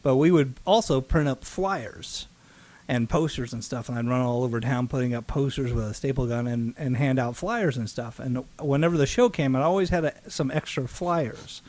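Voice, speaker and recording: A man co-hosting a casual podcast, telling stories in an animated way and mimicking other people's voices. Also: normal speed. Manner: animated storyteller, mimics voices with big pitch jumps. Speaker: podcast co-host.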